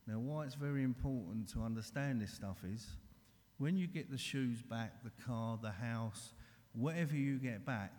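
A man's voice: mid-range voice, moderate pace, darkish tone. A man giving an earnest, blunt recovery share, talking straight and calling everyone mate, in a large hall. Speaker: recovery speaker. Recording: long hall reverb.

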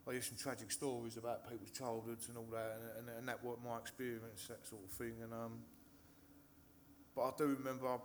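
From a stage in a meeting hall, a man from Hertfordshire, England, nervously recounts his recovery to a live audience, swearing often and restarting sentences. He speaks fairly quickly at medium pitch with little pitch movement, and slight background noise is present.

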